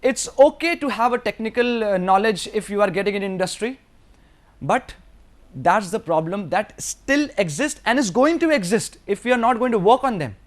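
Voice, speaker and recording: High-voiced Indian English lecturer. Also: male voice, animated, moderate pace. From Delhi, India. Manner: earnest, repetitive, addresses students directly, slips into Hindi. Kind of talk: recorded course lecture.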